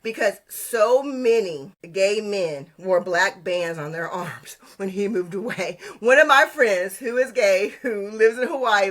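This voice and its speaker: A woman's voice: mid-range voice, expressive, measured pace, hardly any pauses, a bit bright. A woman from Texas, co-hosting a podcast in sassy, emphatic casual chat full of Southern sayings. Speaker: podcast co-host.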